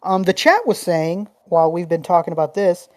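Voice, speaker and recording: A woman co-hosting a podcast in casual chat, telling stories in a profane, rambling, animated way. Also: lowish voice, moderate pace, dry recording. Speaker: podcast co-host.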